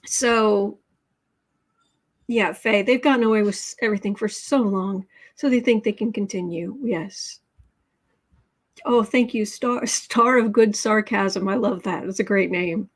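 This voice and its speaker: Woman, tarot livestream host, casual and chatty, sarcastic asides while reading comments, mid-pitched voice. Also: normal speed. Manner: chatty, sarcastic, reads viewer comments aloud.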